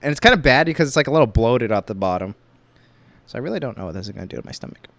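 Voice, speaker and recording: A man's voice: medium pitch, very animated, very fast, creaky, fairly bright tone, dry recording. Casual young man hosting a solo podcast. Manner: casual, rambling, exclaims reactions while reading. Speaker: podcast host. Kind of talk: solo podcast chat, reading online posts aloud.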